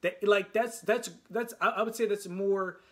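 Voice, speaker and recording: Male reaction YouTuber from the United States, high voice, excitable and rambling, trips over his words. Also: measured pace. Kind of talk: casual reaction commentary.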